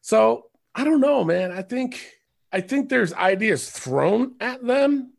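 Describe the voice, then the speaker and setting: High creaky-voiced man rambling casually. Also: animated, slow pace. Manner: rambling, swears freely, laughs often. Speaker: podcast co-host. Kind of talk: casual chat.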